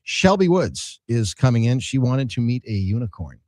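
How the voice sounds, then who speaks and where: A man's voice: medium pitch, sing-song, normal speed, a little mellow, no room sound. A man co-hosting sports talk radio in a studio, trading wry jokes and reading sponsor plugs in a casual way. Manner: joking, wry asides.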